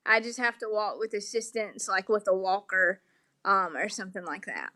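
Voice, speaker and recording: In a mid-range voice at a moderate pace, and with a sharp tone, a Southern-accented woman is being interviewed remotely. She stays polite and explains patiently, often saying "um."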